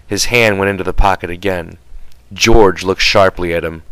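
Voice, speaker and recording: A man narrating a novel as an audiobook reader in a measured, storytelling manner. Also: low-pitched, steady tone, fairly bright tone, clear, resonant tone, no echo, poor audio.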